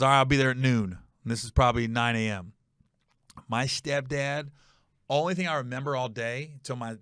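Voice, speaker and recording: Hosting a podcast, a middle-aged man recounts a story with casual animation, voicing other characters through high-pitched shouts. The sound is clean studio audio with no room sound.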